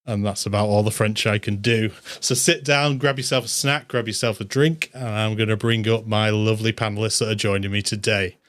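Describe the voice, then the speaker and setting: A man's voice: on the low side, fairly even intonation, a bit bright. Upbeat man hosting a show. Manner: upbeat, jokey, quick asides. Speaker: host. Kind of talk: hosting a live draft show.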